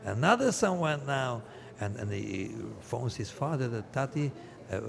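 A man's voice: medium pitch, normal speed, creaky, crowd noise. An older man telling stand-up jokes at a wedding, acting out voices and sound effects in his stories. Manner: animated storyteller, acts out voices and sound effects. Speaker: comedian at a wedding. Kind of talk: stand-up jokes for a live audience. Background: audience laughing.

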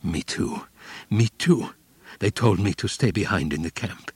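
A man voicing a weary, frightened father who speaks quietly and urgently to his son. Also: fairly low pitch, animated, moderate pace, husky, no echo. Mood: hushed urgent. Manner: quiet, breathless, pressing.

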